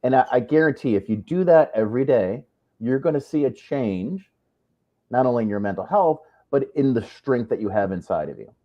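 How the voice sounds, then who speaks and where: A man's voice: mid-range voice, animated, a little fast, lo-fi sound. A man hosting a live video chat, talking in an earnest, motivational way and often checking in with "right?". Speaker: live show host. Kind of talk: casual live-stream chat.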